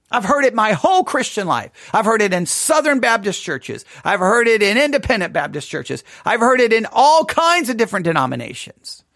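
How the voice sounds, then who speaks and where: A man's voice: very high-pitched, fairly bright tone, dry recording, studio quality. A man giving a long teaching sermon as a Bible teacher, conversational, provocative and sarcastic.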